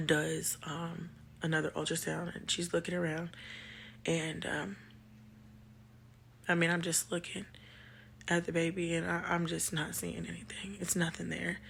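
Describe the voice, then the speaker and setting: Husky, gravelly woman, halting and shaken. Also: on the low side, a bit bright. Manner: halting, many pauses and fillers. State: shaken and emotional. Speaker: vlogger. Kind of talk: personal storytime vlog.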